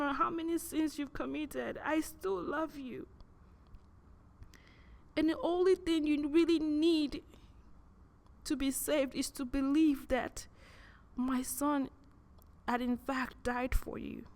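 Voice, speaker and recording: The gentle voice of God, soft and caring, speaking tenderly and repeating itself, pitched fairly high, as a woman puts it on. It pleads with warmth rather than command. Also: fairly even intonation, slow pace.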